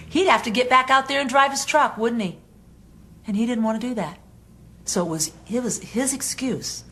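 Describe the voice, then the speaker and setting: A woman's voice: fairly high pitch, fairly bright tone. A woman giving a motivational self-help talk on anxiety, speaking earnestly in a conversational, storytelling way.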